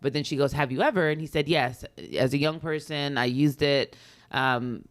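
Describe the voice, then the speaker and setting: A woman's voice: rumbling low, steady tone, moderate pace, clear, resonant tone. A woman co-hosting a podcast, chatting casually as she retells a story with many ums and acts out quotes. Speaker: podcast co-host.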